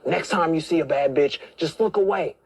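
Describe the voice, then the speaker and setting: A man ranting crudely for laughs about his girlfriend, mimicking women in a high voice. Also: normal speed, darkish tone, husky. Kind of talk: comedic rant.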